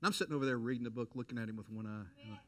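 A middle-aged man preaching a sermon, telling a personal story with lively quoted voices and direct appeals to listeners. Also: medium pitch, racing. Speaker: pastor.

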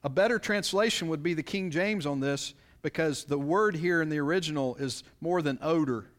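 A man's voice: a little high, moderate pace. A man preaching, reading scripture aloud and explaining it, often turning to the listeners with questions. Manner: expository, reads scripture then explains it; asks the congregation rhetorical questions. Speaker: pastor. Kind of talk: sermon.

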